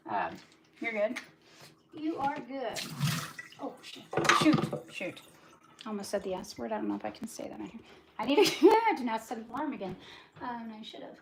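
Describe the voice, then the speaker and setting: Her voice is a little high and creaky, with big swings in pitch, and there's noise in the background. She's a woman in her forties hosting a casual livestream, talking fast and rambling while cleaning and doing dishes.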